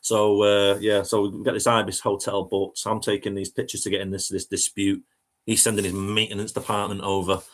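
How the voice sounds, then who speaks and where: Low-voiced chatty man. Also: flat delivery, fairly quick. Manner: chatty, self-mocking, laughs through his story. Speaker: touring band musician. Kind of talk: casual storytelling anecdote.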